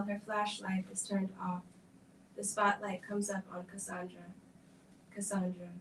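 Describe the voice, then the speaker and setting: A woman giving a dramatic script reading at a film event, narrating in a measured, level way. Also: medium pitch, slight background noise. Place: event hall. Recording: echoey room, distant mic.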